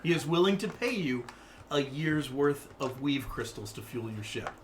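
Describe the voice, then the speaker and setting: A man narrating as game master in a tabletop game, relaxed and chuckling, with many fillers. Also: medium pitch, normal speed, a little hiss or hum.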